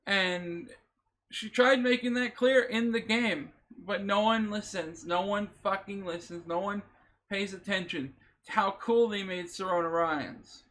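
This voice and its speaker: Heated high-voiced male vlogger. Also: a little slow, a bit bright. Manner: emotional, emphatic, repeats himself and swears. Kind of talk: impassioned reaction commentary.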